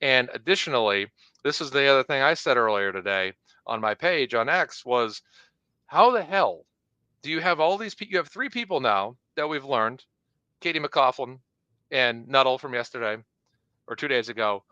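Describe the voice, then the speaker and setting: A man co-hosting a casual podcast, recapping testimony in an animated, exasperated way. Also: medium pitch, moderate pace, clean tone, dry recording, lo-fi sound. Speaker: co-host recapping trial testimony.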